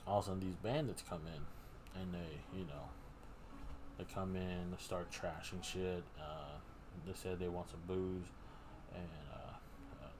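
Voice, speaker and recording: Deep-voiced man rambling through a recap. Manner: rambling, full of fillers and restarts. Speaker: streamer host. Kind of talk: casual live-stream recap. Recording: background noise.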